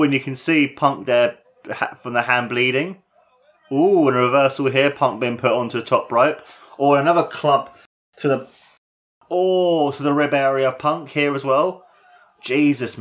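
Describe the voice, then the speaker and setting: A man of medium pitch provides casual, excitable play-by-play for a wrestling match. Whenever a big move lands his voice jumps up, and he swears every so often.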